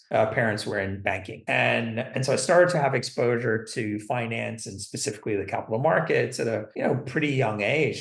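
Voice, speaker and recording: Gravelly man in a roomy space. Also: medium pitch. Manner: rambling, many restarts and fillers. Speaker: guest, company CFO. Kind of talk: conversational interview answers.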